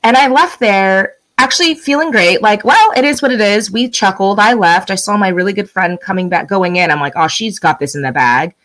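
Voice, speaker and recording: A middle-aged woman in casual conversation as a guest, telling a story with lively acted-out quotes. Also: mid-range voice, brisk, hardly any pauses, rough recording. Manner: animated storyteller, acts out quoted lines. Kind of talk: casual chat.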